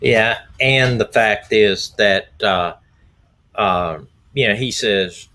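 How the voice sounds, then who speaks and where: A middle-aged man, slightly hoarse, hosting a rambling, folksy live stream as a retired detective. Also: fairly low pitch, a little slow, bright, forceful tone. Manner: folksy, rambling, repeats himself. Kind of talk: casual live-stream talk.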